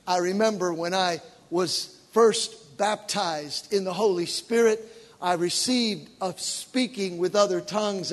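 A man's voice: high-pitched, long reverb tail. A man preaching a sermon, telling stories and acting out the voices of the people in them, building his points with repetition.

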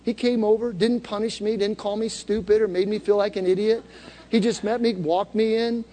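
A man's voice: sits high, fairly even intonation, moderate pace, warm tone, long reverb tail. A man preaching to a congregation, telling a story conversationally and building to calls for them to repeat after him. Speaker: pastor. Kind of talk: sermon. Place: church hall before a congregation.

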